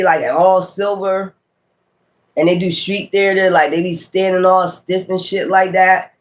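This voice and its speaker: A man gives a loose, casual tarot reading, thinking out loud and breaking into sudden exclamations. He speaks, in a fairly high voice for a man. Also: flat delivery, unhurried. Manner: musing aloud, exclamatory asides. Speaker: tarot reader.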